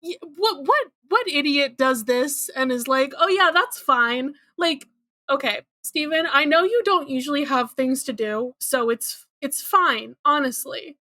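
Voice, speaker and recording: Woman co-host, bright forceful tone, blunt casual recap chat. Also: high-pitched, lively intonation, unhurried, no echo, clean studio sound. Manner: wry, blunt, swears casually. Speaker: podcast co-host.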